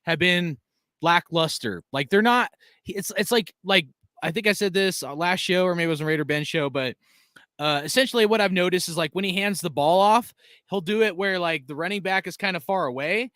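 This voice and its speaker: A man with a bright, crisp voice runs a casual live stream, talking quickly and loosely. He jokes at his own expense. The sound is dry and close-miked. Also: high-pitched, no room sound. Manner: fast, loose, self-deprecating. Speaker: host reading chat shout-outs.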